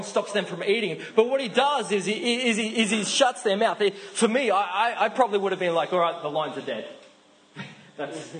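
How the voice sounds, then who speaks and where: A man's voice: high-pitched, fairly bright tone, a little hiss or hum, poor audio. A man with an Australian accent giving a casual, chatty sermon, with frequent restarts. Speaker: pastor.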